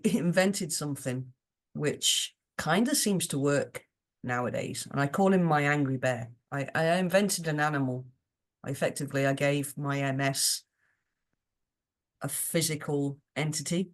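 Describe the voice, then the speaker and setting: A woman's voice: sits low, a little slow, long pauses. A British woman, a podcast guest, chatting casually in a rambling, earnest way with many restarts. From United Kingdom.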